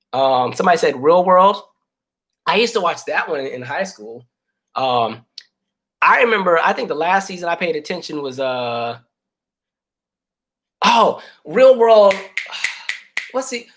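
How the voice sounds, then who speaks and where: A man in his thirties chatting with viewers on a livestream and telling stories in an animated, casual way. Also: a little high. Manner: animated storytelling, many fillers. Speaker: livestream host.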